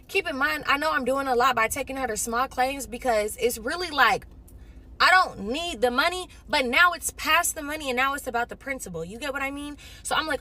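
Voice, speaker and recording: A young woman from Los Angeles, telling a casual storytime monologue in an animated way, acting out the other people in her story. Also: high-pitched, brisk. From Los Angeles, California.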